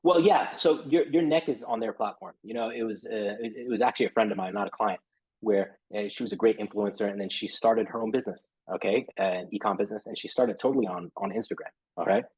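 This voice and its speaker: A man's voice: fairly low pitch, fast, a little mellow, breathy edge, no room sound, poor audio. A man talking casually as a guest in an interview, rambling and filling his talk with "you know" and "right?". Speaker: podcast guest, SEO marketer.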